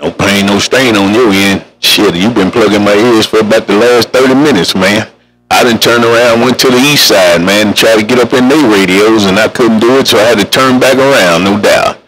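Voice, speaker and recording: A man's voice: lowish voice, moderate pace, a bit bright, low-quality recording. A man chatting casually over a CB radio in a folksy, drawling way. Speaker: CB radio operator.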